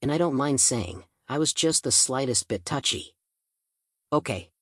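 A man narrates an audiobook in the first person, relaxed and chatty like a teenager telling a story. His voice sits in a middle range, and the recording is dry and close, with no room echo. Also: medium pitch, normal speed. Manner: casual teen-style storytelling.

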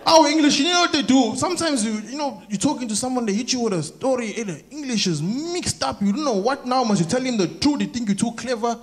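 Lively South African comedian on stage. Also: male voice, very high voice, fast talker, hardly any pauses. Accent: South African, Durban. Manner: animated, switching into mimicked voices. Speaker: stand-up comedian. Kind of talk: stand-up comedy set. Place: large theatre stage. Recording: live theatre with audible crowd noise. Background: audience laughter.

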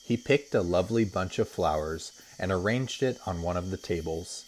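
A man, a teacher, reading a children's story aloud with expressive storytelling. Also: deep voice, moderate pace, slight background noise.

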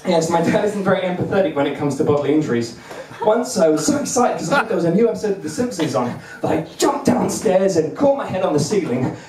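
A man's voice: sits high, big pitch swings, fast talker, hardly any pauses, a crowd in the background. A young man doing a bumbling, self-deprecating stand-up set on a comedy club stage, chuckling between lines. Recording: roomy venue, mic at a distance.

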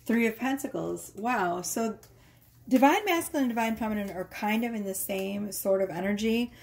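A woman's voice: medium pitch, normal speed, gravelly, a little mellow. Chatty woman doing a tarot reading. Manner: chatty, many fillers and tag questions. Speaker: tarot reader. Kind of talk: casual tarot reading to camera. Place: home workroom.

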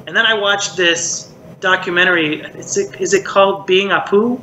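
A man's voice: high voice, moderate pace, sharp tone. A middle-aged puppeteer from Maryland, chatting reflectively in an interview and filling his talk with "like" and "you know". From Maryland, United States. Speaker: puppeteer and voice actor, guest. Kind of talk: casual interview chat. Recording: roomy echo, faint hiss.

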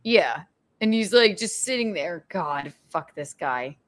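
A woman's voice: on the low side, lively intonation, slow pace. A woman on a podcast panel in casual chat, sarcastic and profane with mock outrage.

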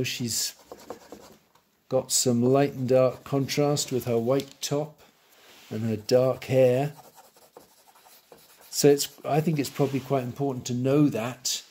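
Slow-talking man teaching drawing. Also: medium pitch, a little mellow, a little hiss or hum. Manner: slow, thinking aloud, self-correcting while drawing. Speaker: art teacher. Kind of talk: live drawing tutorial.

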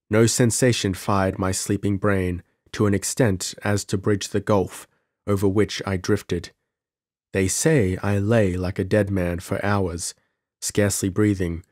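A man reading an audiobook as narrator in a measured, steady scripted narration, recorded on a close mic. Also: sits low, dry recording.

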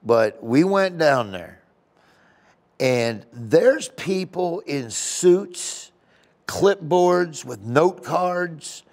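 A man, a comedian being interviewed, telling casual rambling anecdotes in an animated way. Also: a little high, very slow. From United States. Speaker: comedian guest.

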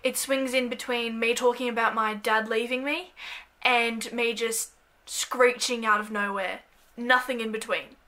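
An Australian woman vlogging a playful, self-mocking comedic monologue to camera, breaking into loud bursts. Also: on the high side, steady tone, a little slow.

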